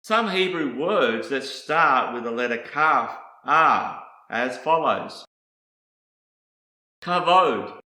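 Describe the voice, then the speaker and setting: A man teaching Bible word meanings in a deliberate, scripted way, setting out one meaning after another. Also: mid-range voice, lively intonation, bright, forceful tone, reverberant.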